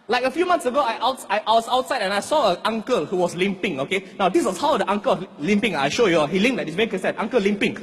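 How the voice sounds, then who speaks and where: A man from Malaysia with a Malaysian English accent doing a stand-up comedy set, telling animated stories and acting out characters. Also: high-pitched, quick pace, few pauses. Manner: animated storytelling with voiced characters. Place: stage before a live audience. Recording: hall reverb, faint room noise.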